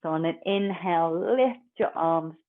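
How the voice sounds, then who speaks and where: A woman, a yoga teacher guiding a class in a calm, gentle, unhurried way. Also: on the low side. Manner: calm, slow, gentle guidance. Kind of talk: guided yoga instruction. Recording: tinny phone-like recording.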